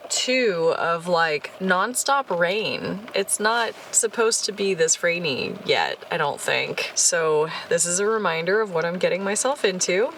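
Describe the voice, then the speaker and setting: Slow-talking anxious woman vlogger. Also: fairly low pitch, animated, slight background noise. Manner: soft, anxious and confiding, with sighs and nervous laughs. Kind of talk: casual vlog to camera.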